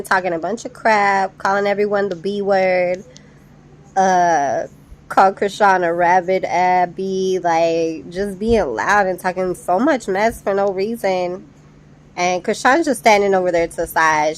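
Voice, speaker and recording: A woman's voice: medium pitch, a little hiss or hum. A young woman casually recapping a reality show episode, chatty and incredulous, laughing often.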